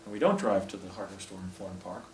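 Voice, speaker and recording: Low-voiced man lecturing in an echoey hotel room. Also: animated, quick pace, a little mellow. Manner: rambling, detailed storytelling. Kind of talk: public lecture. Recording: roomy hall from far off, faint hiss.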